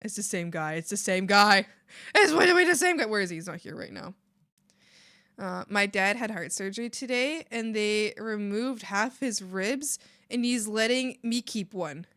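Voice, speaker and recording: A woman streamer chatting casually to her viewers, excitable and rambling, laughing often. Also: medium pitch, a little slow, smooth. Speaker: art streamer. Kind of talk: casual live-stream chat.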